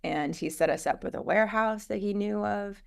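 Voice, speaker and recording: A woman guest on an interview show, chatting casually about her business with lots of fillers and quick asides. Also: mid-range voice, creaky, clean tone.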